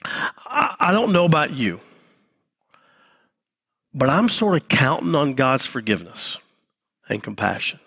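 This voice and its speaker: Pastor preaching live, fairly high voice, repeats stuff and goes quiet low for emphasis. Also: male voice, very animated, unhurried, long pauses, slightly rough. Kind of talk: sermon. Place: church.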